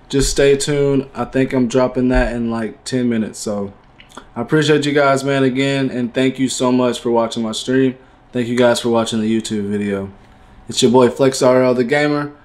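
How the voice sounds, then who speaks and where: A young man, a gaming streamer, chatting casually as he wraps up a livestream, relaxed and talkative, often saying "man". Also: medium pitch. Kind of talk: casual livestream outro chat.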